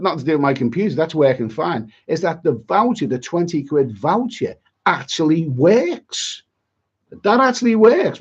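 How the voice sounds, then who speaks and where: A man's voice: on the high side, darkish tone, breathy edge, highs cut off. A middle-aged man on a livestream, chatty and exasperated, rambling with many repeats and asides. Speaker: travel vlogger on a livestream.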